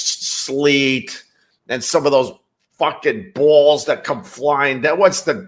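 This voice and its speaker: A man's voice: medium pitch, fairly bright tone. A man hosting a casual livestream, reading chat messages and rambling wryly with casual swearing. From New York.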